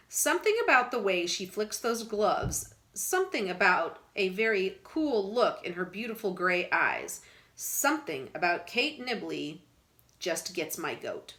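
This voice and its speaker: A teacher reading a novel aloud to her students in an expressive way, pausing to explain words to them. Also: medium pitch.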